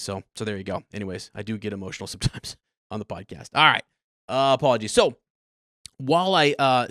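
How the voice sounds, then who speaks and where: A man's voice: mid-range voice, dry recording, studio quality. A man in his thirties hosting a podcast, telling his personal story in a rambling, earnest and emotional way. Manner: rambling, earnest, emotional, with many restarts and laughs. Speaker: podcast host.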